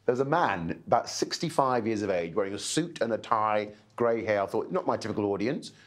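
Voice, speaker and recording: A man's voice: on the low side, moderate pace. A man, a stand-up comedian, telling a story in an interview, mimicking other people and laughing often. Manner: expressive, mimics voices, laughs a lot. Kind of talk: anecdote in a documentary interview.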